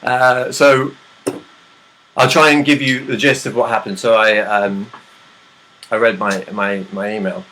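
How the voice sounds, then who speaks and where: A man's voice: fairly low pitch, steady tone, a little slow, pauses often, sharp tone. Rambling young man doing stand-up over a video call. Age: young adult. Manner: rambling, self-deprecating, chatty asides. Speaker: stand-up comedian. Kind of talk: online open-mic stand-up. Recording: hissy online call audio.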